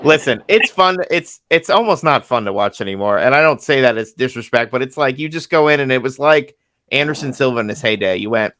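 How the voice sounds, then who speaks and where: A man hosting an interview podcast, chatty and quick to laugh. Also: medium pitch, expressive, fairly bright tone, a little hiss or hum. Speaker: podcast host, MMA journalist. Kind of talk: casual interview chat.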